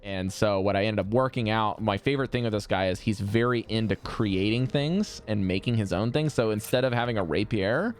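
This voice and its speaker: A man who runs the tabletop game, chatting casually about characters and telling animated, profane stories. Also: fairly low pitch, a little fast, hardly any pauses. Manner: animated, swearing, laughing storyteller. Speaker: game master. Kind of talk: casual chat between game sessions.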